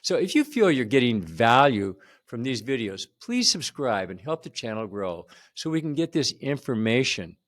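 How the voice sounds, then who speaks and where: A man in his seventies, the channel host, tells a personal childhood story to camera in a conversational way. His mid-range voice swings widely in pitch at a moderate pace with few pauses, and he repeats words for emphasis.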